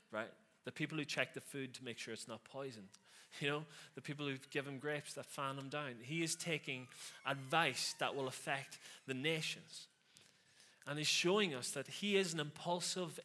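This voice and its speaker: A man's voice: medium pitch, bright, forceful tone. A man preaching a conversational sermon, with sarcastic asides and frequent questions to the listeners.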